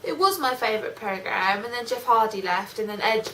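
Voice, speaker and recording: A woman's voice: on the high side, expressive, a little fast, recorded from a distance, very noisy. A young woman co-hosting a casual chat about wrestling, earnest and playfully stubborn. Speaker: wrestling show co-host.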